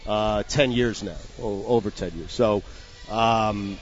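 A man's voice: fairly low pitch, takes it slowly, muffled recording. A man in his forties hosting a sports radio show, chatting casually and telling stories with lots of restarts. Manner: animated storyteller with frequent restarts.

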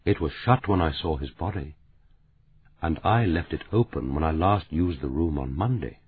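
A man voicing a composed older male academic who speaks quietly, calmly and deliberately. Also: low voice, breathy edge, dry recording. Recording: narrow phone-like audiobook sound.

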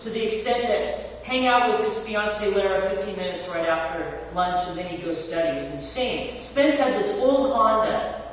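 A high-pitched male pastor delivers a sermon in a loose, slangy storytelling way, firing rhetorical questions at the congregation. He is heard from a distance in a big, echoing church hall with faint noise underneath. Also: expressive, moderate pace.

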